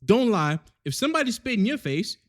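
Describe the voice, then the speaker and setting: A man telling a crude, comedic recap of a show, full of slang and quick character asides. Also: high voice, big pitch swings, fairly bright tone. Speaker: recap host.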